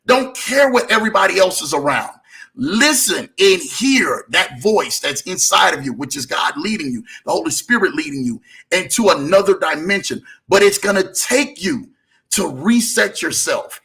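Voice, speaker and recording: A man's voice: high voice, sharp tone. A man hosting a motivational broadcast, exhorting listeners in a repetitive, preaching rhythm. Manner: repetitive, rising and falling exhortation. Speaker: motivational show host.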